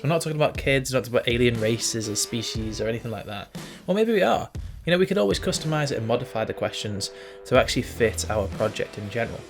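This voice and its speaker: A young man hosting a casual writing tutorial, chatting and thinking aloud as he works through a form. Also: medium pitch. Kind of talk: casual screen-recorded tutorial. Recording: faint background noise and typing clicks.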